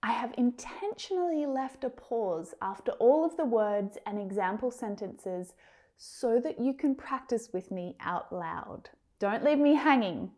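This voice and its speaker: Her fairly high, slightly mellow voice carries an Australian accent as she leads a scripted English pronunciation lesson. She says single words clearly and carefully, speaking straight to her learners in an encouraging way.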